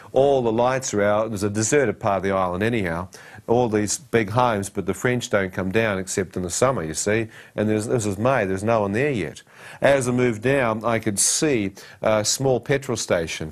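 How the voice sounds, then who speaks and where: A man giving a personal testimony, telling his story dramatically and acting out the dialogue and his own thoughts. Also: on the low side.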